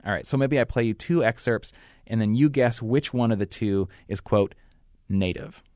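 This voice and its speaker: A man hosting a podcast, explaining things in a relaxed, chatty way with some fillers. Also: mid-range voice, normal speed, no echo, clean studio sound. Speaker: podcast host. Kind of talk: casual podcast chat.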